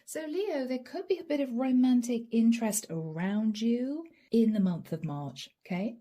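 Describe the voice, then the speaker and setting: A woman's voice: on the high side, expressive, normal speed, mellow. A middle-aged woman giving a channeled tarot reading to camera, chatty and addressing her viewers directly. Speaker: tarot reader.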